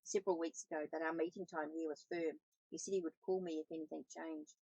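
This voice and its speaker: A shy, nervous professor from abroad, read by a woman. The voice is husky and creaky, and it is read plainly with small slips. The recording is dry and close. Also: deep voice, little pitch movement, a little fast, mellow, no room sound, muffled recording, full character voice. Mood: earnest.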